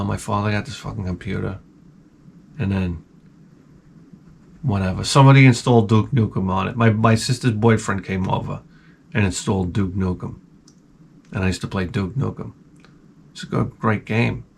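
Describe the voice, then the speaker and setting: A man hosting his channel, telling comedic stories in a loud, animated, profane rant and acting out people in high, shouted voices. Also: moderate pace, gravelly, pauses often, a little hiss or hum. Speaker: channel host.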